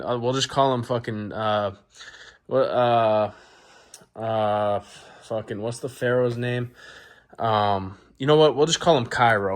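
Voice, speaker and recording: A man hosting his own channel, telling a comic story in a crude, boastful way with lots of swearing. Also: mid-range voice. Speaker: vlog host. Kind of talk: profane comedic storytelling.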